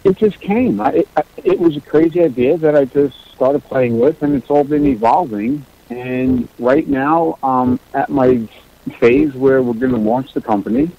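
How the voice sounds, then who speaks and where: A middle-aged man speaking as a guest on a radio show. He talks in a laid-back, plain way, often in short answers, at an ordinary pitch for a man. The recording sounds dull and lo-fi. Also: normal speed, no room sound. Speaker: guest, entrepreneur. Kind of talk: radio interview.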